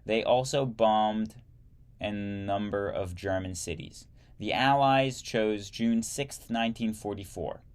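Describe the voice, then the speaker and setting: A man's voice: lowish voice, takes it slowly, clean tone. A man reading a history text aloud, often stumbling and correcting himself, with wry asides to the listener.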